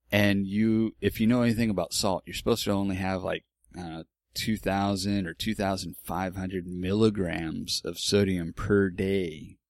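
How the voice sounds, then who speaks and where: A man in his forties with a deep, low voice tells a personal story in a loose, rambling way. He is candid and swears now and then. The sound is dry and close. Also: dry recording. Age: 40s. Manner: rambling, candid, with profanity and restarts.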